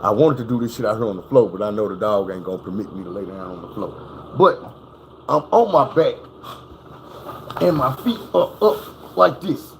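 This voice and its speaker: A man's voice: on the low side, expressive, moderate pace, long pauses, slight background noise. Profane man telling a story. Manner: profane, vivid, acts out sounds. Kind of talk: casual storytelling. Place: at home indoors.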